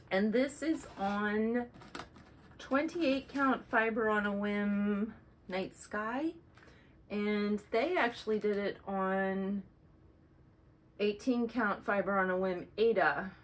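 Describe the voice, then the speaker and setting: A woman's voice: mid-range voice, slight background noise, rough recording. A woman hosting a casual show-and-tell video, chatting in a rambling way and correcting herself as she goes. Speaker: flosstube host.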